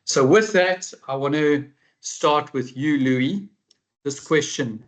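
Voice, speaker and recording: A man's voice: mid-range voice, animated, measured pace, fairly bright tone. South African man hosting a webinar. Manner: conversational, asks the guest questions. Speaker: webinar host. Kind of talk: moderating a webinar.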